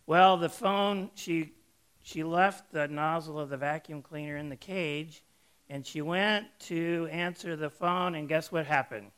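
A man preaching, telling a folksy, animated story to make a sermon point. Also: on the high side, unhurried, clean tone.

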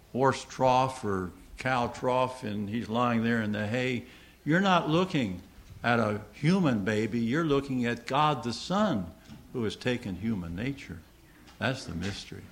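A man preaching a sermon to a congregation, earnest, asking the listeners questions and repeating key lines. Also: medium pitch.

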